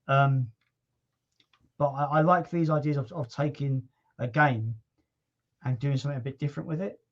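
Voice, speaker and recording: A man hosting a casual livestream chat, relaxed and chatty, with casual swearing. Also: mid-range voice, moderate pace, lo-fi sound. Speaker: livestream host.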